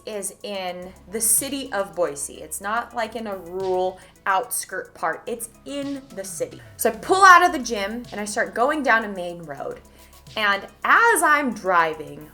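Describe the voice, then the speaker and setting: A young woman from Idaho chatting to camera, telling a dating story in a lively, talkative way. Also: medium pitch, moderate pace, soft background music. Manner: animated, chatty, swings from loud to hushed. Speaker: vlogger.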